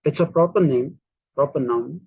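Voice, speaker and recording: A man from India lecturing a class in a slow, deliberate way, spelling words out letter by letter. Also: fairly high pitch, vocal fry, husky, no echo, dull audio.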